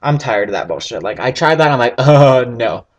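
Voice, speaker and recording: A man's voice: medium pitch, big pitch swings, quick pace. A man rambling through casual gameplay commentary as a gaming video host, swearing freely.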